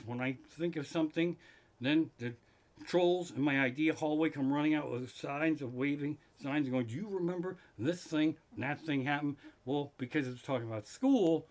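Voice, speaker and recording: A middle-aged man hosting a live stream from his living room, telling a profane comic story that builds into loud, swearing rants. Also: fairly high pitch.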